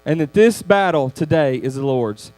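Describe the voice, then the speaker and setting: A man giving a youth sermon lesson, in a conversational, animated storytelling manner. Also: a little high, moderate pace, no echo. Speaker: youth speaker.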